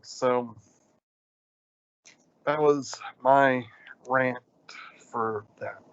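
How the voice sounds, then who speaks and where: Speaking very slowly in a mid-range voice, a man co-hosting a laid-back podcast tells meandering, lively stories full of ums. It's a dry recording with a dull, lo-fi quality.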